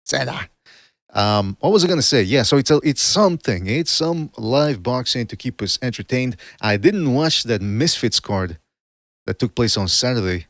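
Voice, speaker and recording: A man's voice: medium pitch, animated, normal speed, dry recording, studio quality. A man from Canada hosting a boxing podcast livestream, chatting casually and rambling, often breaking off mid-sentence to correct himself.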